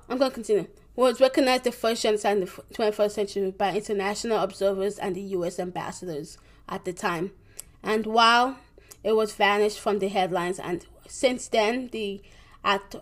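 A young woman giving a presentation, reading from her notes haltingly, with many restarts, corrections and fillers. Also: medium pitch, fairly bright tone. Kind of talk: reading a school presentation on world events.

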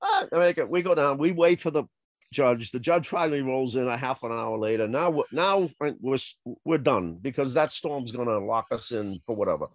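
A man, a salesman telling a funny story in an animated way, laughing as he goes and acting out other people's voices. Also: medium pitch, moderate pace, dry recording. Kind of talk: anecdotal storytelling.

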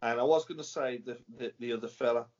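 A man co-hosting a casual podcast rambles through some banter, searching for words as he goes. His voice is medium in pitch with a darkish tone, and he talks quickly. The podcast audio is dull and lo-fi.

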